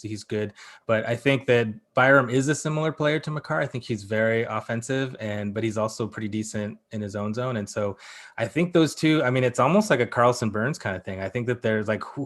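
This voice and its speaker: Low-voiced man giving hockey opinions. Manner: opinionated, frequent restarts and hedges. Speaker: podcast guest analyst. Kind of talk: casual chat.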